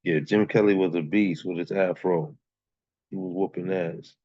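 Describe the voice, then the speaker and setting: A man with a very low voice hosts an online open mic, keeping the banter relaxed and encouraging as he calls up performers. The sound is dry and muffled, like lo-fi call audio. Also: normal speed, no room sound.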